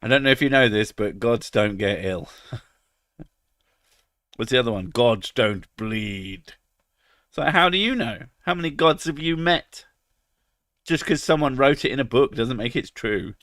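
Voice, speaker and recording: A man's voice: mid-range voice, expressive, moderate pace, pauses often, fairly bright tone, no echo, studio quality. A man with a cold, casually chatting on a live stream, joking crudely and reading out chat messages. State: has a cold, about to sneeze.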